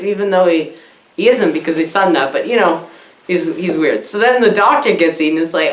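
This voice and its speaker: A woman's voice: mid-range voice, animated, normal speed. A woman giving a rambling, dim-witted comic movie review, giggling as she meanders and acts out the characters. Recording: echoey room.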